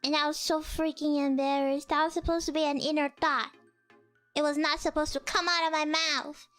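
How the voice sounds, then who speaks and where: Squeaky, excitable young woman streamer. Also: normal speed, soft background music. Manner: excitable, exclaiming, self-mocking. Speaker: virtual streamer. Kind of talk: casual storytelling chat.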